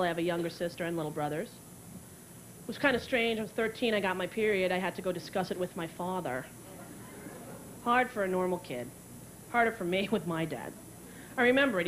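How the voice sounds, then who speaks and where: A woman doing stand-up comedy, telling stories in a wry, deadpan way. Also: medium pitch, a little fast, a little hiss or hum, rough recording. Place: comedy club stage. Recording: comedy club with loud crowd laughter.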